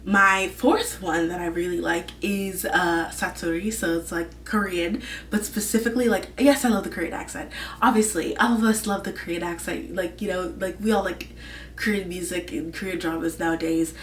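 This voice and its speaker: A young woman chats away in a low-ish voice, rambling and gushing with a "like" in almost every breath. She sits some distance from the mic in an echoey room with a faint hiss behind her. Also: steady tone, normal speed, fairly bright tone. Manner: rambling, gushing, full of "like" fillers. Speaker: vlog host. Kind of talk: casual chat.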